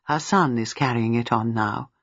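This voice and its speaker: A reader voicing a gentle, gossiping elderly spinster who is quietly shrewd and speaks mildly. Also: female voice, extremely low pitch, normal speed, husky, no room sound, highs cut off, voice pushed down, full character voice. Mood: chatty. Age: older. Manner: mild, chatty, quietly shrewd. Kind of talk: audiobook character reading.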